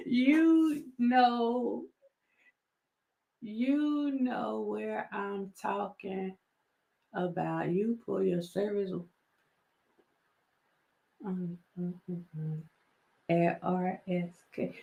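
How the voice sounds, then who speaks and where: A woman's voice: mid-range voice, very slow, creaky, long pauses, pushed and bright. A woman with a Southern American accent, hosting a casual commentary vlog, sassy and laughing often as she talks to her viewers. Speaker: YouTube commentary host.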